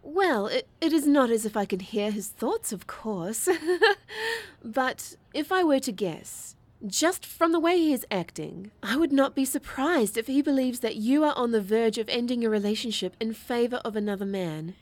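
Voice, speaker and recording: A prim alien in human disguise, voiced by a woman, picks her words with stiff, old-fashioned formality. Her voice sits a bit high. The sound is close and dry. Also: lively intonation, normal speed, a little mellow, no echo, lightly acted. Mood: earnest. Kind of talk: audio drama acting.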